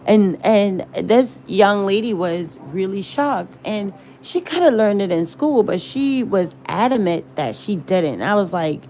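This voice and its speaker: Slow-talking woman, rambling. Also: mid-range voice, expressive, mellow, slight background noise. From American South. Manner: rambling, searching for words. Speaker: livestream host. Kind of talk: casual livestream chat.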